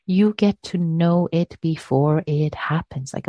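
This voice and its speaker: A woman meditation teacher answering a question in a gentle, soothing talk, repeating words and trailing off. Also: low-pitched, slow pace, no room sound, clean studio sound.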